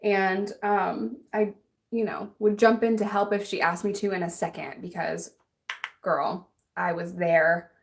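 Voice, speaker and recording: A woman's voice: medium pitch, little pitch movement, a little slow, gravelly. A young adult woman vlogger chatting casually and bluntly while doing her makeup, laughing often and answering a live chat.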